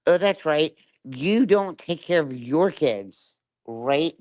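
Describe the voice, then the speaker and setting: A woman's voice: low voice, expressive, takes it slowly, a little mellow. A middle-aged woman ranting angrily on her livestream, swearing and confronting someone, and keeps asking "right?". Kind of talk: angry live-stream rant.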